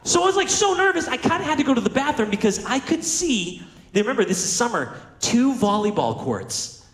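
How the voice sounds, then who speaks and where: A man's voice: very high voice, very animated, fairly quick, fairly bright tone, reverberant. A man telling a funny, self-mocking childhood story to an audience, acting out the voices in it. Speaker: motivational speaker. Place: large room with audience.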